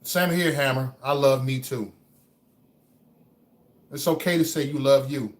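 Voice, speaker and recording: A man with a mid-range voice takes his time on a livestream, delivering a motivational talk to his chat. Repetition runs all through it, he stammers on single words, and his tone shifts from murmured thought to loud exhortation.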